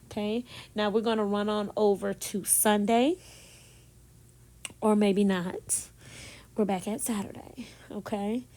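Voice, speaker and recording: A woman recording a casual, chatty voiceover in her bedroom, talking softly, laughing at herself and speaking straight to her viewers. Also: mid-range voice, fairly even intonation, takes it slowly, pauses often. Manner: talks softly so as not to disturb someone nearby. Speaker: planner vlogger. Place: bedroom at home.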